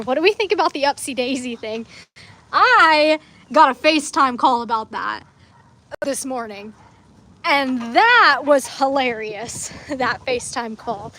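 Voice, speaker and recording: Chatty high-voiced woman. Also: a bit bright, a little hiss or hum. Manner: chatty and rambling, breaks off to talk to her animals. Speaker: farm vlogger on a livestream. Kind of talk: casual livestream chat. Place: outdoors on a farm among animals. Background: chickens and a rooster.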